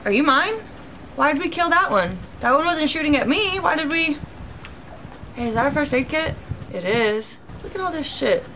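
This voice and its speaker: A woman's voice: high-pitched, a bit bright, slight background noise. A young woman giving casual let's-play commentary, chatty and reactive, talking to her viewers with sudden yelps. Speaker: gaming YouTuber.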